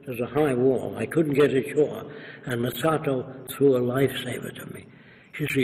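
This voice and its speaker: In an echoey room with faint hiss, an older man from New York tells anecdotes in a lecturing manner during an interview, acting out others' voices. His mid-range voice has vocal fry and a slightly mellow quality, at a moderate pace.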